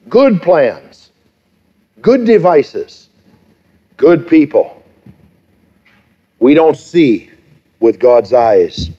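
A pastor in his fifties preaching a sermon, emphatic, with rhetorical questions and repeated phrases. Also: medium pitch. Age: 50s. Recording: dull lo-fi sermon recording.

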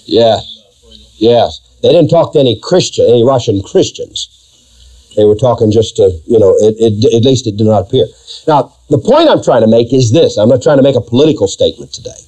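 A man's voice: medium pitch, expressive, brisk, warm tone, low-quality recording. A man preaching a sermon, emphatic and fond of rhetorical questions to his congregation. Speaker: pastor.

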